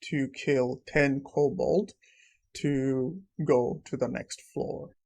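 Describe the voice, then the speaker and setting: A man voicing a game system that announces unlocks and quests in a flat, announcing manner. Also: medium pitch, drawn-out words, vocal fry, full character voice.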